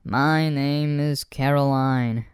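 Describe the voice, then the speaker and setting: A man's voice: fairly high pitch, dark tone, clean tone, no room sound, studio quality, voice pushed up. A man voicing a weary groaning mother. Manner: groaning, drawn-out and slow. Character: weary, exasperated mother of a wild boy. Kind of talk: storybook reading.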